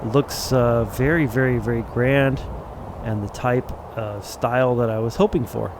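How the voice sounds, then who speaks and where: A man's voice: medium pitch, steady tone, normal speed, noisy background. A man giving casual gameplay commentary, thinking aloud as he goes and correcting himself.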